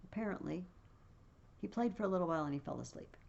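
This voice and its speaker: Woman teacher reading a play aloud and explaining it in a relaxed way, creaky voice, muffled recording. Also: lowish voice, quick pace. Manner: reads the lines aloud with feeling, then explains them casually.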